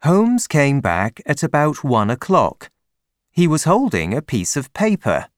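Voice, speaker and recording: A man narrating a story audiobook in a clear, careful reading manner. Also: fairly high pitch, wildly swooping pitch, measured pace, dry recording, clean studio sound. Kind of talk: scripted narration.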